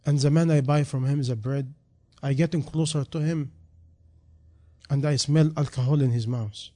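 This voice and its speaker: A man delivers a sermon in non-native English, his mid-range voice keeping a steady tone at normal speed. He sinks into quiet reflection, then builds to loud, emphatic calls.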